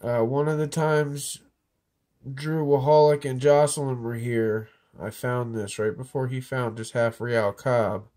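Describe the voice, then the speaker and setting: A man's voice: medium pitch, fairly even intonation, unhurried, dark tone. Laid-back man vlogging with a cold. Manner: laid-back, joking, slightly rambling. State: has a cold, clearing throat. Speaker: metal detecting vlogger. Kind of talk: casual show-and-tell. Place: indoors in an office.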